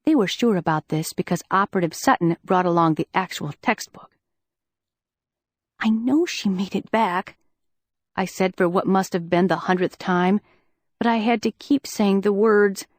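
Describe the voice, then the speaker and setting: A woman narrating a first-person audiobook in a measured, earnest storytelling manner. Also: mid-range voice, no echo, clean studio sound.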